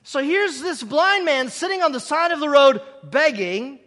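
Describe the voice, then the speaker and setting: High, bright preacher in a reverberant hall. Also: male voice, expressive, a little slow. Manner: repetitive, emphatic, draws in the audience. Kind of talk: sermon.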